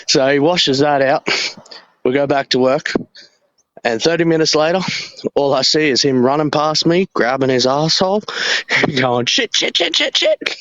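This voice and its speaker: A man with a fairly high voice tells a crude story, acting out the other people in it. The sound is dry and close. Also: no room sound, lo-fi sound. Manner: animated storyteller, voices characters loudly. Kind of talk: casual chat.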